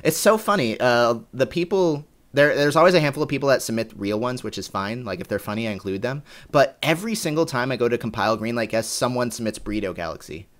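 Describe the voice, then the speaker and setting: A man's voice: medium pitch, animated, fast talker, hardly any pauses, a bit bright. A man co-hosting a casual podcast, reading out game descriptions for a guessing game, laughing often and rambling a little.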